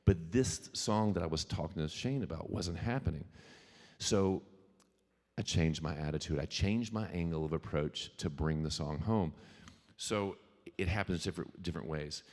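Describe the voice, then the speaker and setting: A middle-aged man, a musician, telling an animated story to a live audience, stammering on restarts. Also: deep voice, normal speed. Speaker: featured speaker and musician. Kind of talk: storytelling keynote talk. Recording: reverberant hall.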